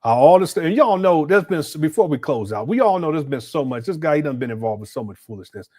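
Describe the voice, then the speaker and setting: Colloquial livestream host, incredulous commentary. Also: male voice, on the high side, big pitch swings, quick pace, darkish tone. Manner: incredulous, colloquial, stammers and repeats. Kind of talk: casual commentary.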